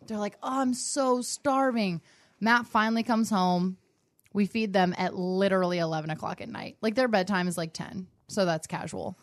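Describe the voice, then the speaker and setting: A young woman tells a funny story to her co-hosts in a loose, chatty way, full of likes and little laughs. Her voice sits at a middle pitch and sounds close and dry, with no room around it. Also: fairly quick, no room sound. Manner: animated, laughing, lots of likes and fillers. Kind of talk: casual storytelling chat.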